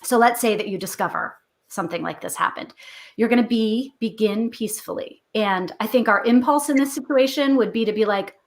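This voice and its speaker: A woman's voice: on the high side, a little fast. Chatty woman giving parenting advice. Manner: chatty and explanatory, acts out parent and kid lines. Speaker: author and guest expert on parenting. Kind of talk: conversational interview advice.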